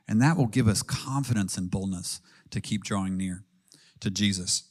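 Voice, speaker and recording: A lowish-voiced man in his thirties is preaching. The sermon comes across as earnest and chatty, and he questions his listeners directly while pausing on ums.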